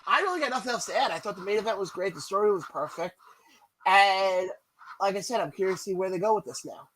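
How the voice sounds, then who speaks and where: A man's voice: sits high, animated, quick pace, a bit bright, a little hiss or hum, rough recording. A man co-hosting a wrestling podcast who chats casually and talks straight to the listeners. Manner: chatty, addresses listeners as folks. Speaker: podcast co-host.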